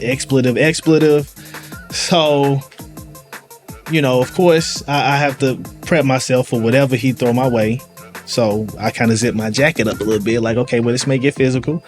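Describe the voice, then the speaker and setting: A man's voice: medium pitch, moderate pace. A police sergeant with a St. tells stories in easygoing street slang. He slips in and out of the voices of the people he met, keeping it conversational. Faint music sits under his voice throughout. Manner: animated storyteller, acts out voices, slangy. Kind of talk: casual storytelling conversation. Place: live event venue.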